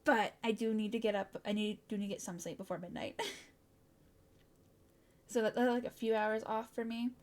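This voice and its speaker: A woman's voice: medium pitch, fairly even intonation, normal speed, long pauses. A woman streamer chatting casually with her live chat, bubbly, often gasping and giggling and tripping over her words.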